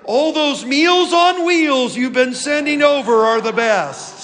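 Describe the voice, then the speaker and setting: A man putting on a pampered cat's voice, sleepy and delighted, lifted high above his normal pitch. It drawls slowly, with a long hall reverb behind it. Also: expressive, a bit bright, a little hiss or hum, full character voice. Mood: blissful. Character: contented pampered house cat.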